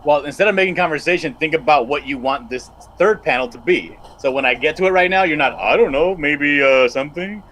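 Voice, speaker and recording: A man's voice: on the high side, fast, few pauses, a bit bright, rough recording. A blunt, bossy man chats casually while sketching a comic page on stream. He thinks aloud as he works, and a faint hiss sits under his voice. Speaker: comic artist and stream host. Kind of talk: casual live-stream chat while drawing.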